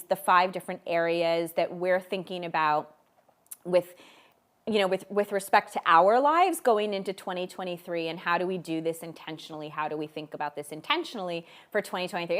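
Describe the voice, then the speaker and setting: Woman, talk show host, casual chat, chatty, laughs often, lowish voice. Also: expressive, normal speed. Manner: chatty, laughs often, many restarts and fillers.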